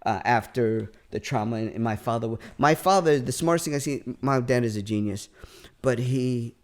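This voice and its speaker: A man from California, a comedian and podcast guest, telling a long story in casual chat, animated and repeating himself as he goes. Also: mid-range voice, normal speed. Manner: animated storyteller, repeats words, laughs at own punchlines.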